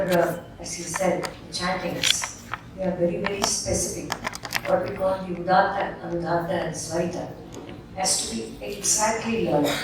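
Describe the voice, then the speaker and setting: A woman on a panel, adding an explanatory point to the discussion. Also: lowish voice. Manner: explanatory, adding to the previous speaker. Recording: echoey hall, distant mic, noise.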